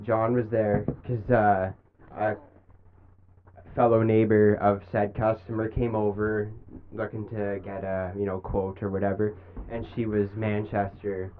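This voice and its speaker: A Canadian man chatting casually on a podcast, easygoing and quick to laugh. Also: on the low side, little pitch movement, clear, resonant tone. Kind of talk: casual chat. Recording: tinny phone-like audio with faint noise.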